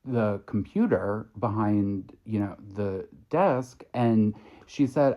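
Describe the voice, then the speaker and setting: A man in a storytime vlog, recounting an incident in a measured, incredulous way. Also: lowish voice, highs cut off. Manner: measured, incredulous retelling with acted quotes. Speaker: makeup artist vlogger.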